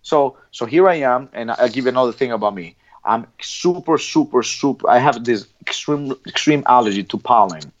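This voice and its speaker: Middle-aged Colombian-accented man, blunt, profane interview guest, mid-pitched, full of restarts and "bro". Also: expressive, normal speed, few pauses. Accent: Colombian Spanish. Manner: blunt, swears freely, many restarts and "bro". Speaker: guest, former Olympic athlete. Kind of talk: casual interview talk. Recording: dull lo-fi sound.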